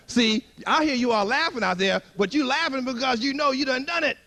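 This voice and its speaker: A man with a high, very lively voice tells a humorous story to a retreat audience. He acts out the voices he quotes and laughs along with his own jokes, speaking with a bright, dramatic storyteller's energy. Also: moderate pace. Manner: animated, acts out quoted voices, chuckles often.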